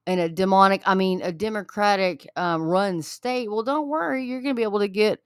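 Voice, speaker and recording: A woman's voice: mid-range voice, brisk, smooth, dry recording. A woman talking straight to her viewers in an angry, heated rant, hammering the same points again and again like a preacher. Her voice sounds close and dry, with no room around it. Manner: heated, preachy, repeats herself.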